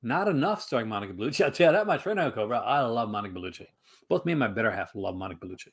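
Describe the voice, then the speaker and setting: A man's voice: mid-range voice, lively intonation, very fast, slightly rough. A man hosting a casual livestream, answering his chat in a rambling way full of fillers and restarts. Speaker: livestream host.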